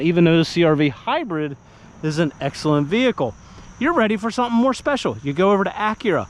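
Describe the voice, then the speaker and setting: A man hosts a casual car review, walking around and sitting in the vehicle while talking conversationally. He's animated, acts out buyer dialogue, and speaks fast in a high-pitched voice.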